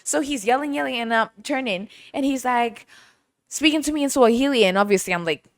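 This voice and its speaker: A woman's voice: fairly high pitch, a little fast, dry recording. Chatty woman podcaster, dry close sound. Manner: chatty, animated storyteller with frequent asides. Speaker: podcast host. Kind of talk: casual storytelling monologue.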